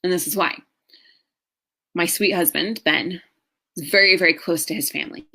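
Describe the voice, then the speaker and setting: A middle-aged woman, a marriage coach, telling her own story in an earnest, emotional way with slow pauses. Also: fairly low pitch, pushed and bright. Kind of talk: personal story talk.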